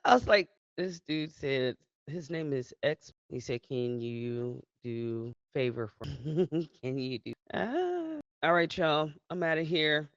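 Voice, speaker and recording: A woman live streamer chatting casually with her viewers, laughing often and talking in an animated way. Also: sits low, takes it slowly, no echo, lo-fi sound.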